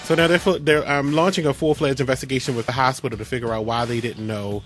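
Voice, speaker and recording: A man hosting a casual radio talk show, telling stories in an animated way with frequent restarts. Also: mid-range voice, fast talker, soft background music. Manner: animated storyteller, restarts often.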